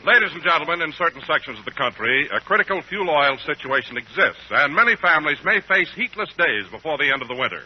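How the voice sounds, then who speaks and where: A man's voice: fairly high pitch, sing-song, fast, hardly any pauses, faint music behind. Earnest male radio announcer. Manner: earnest, formal. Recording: muffled old radio broadcast.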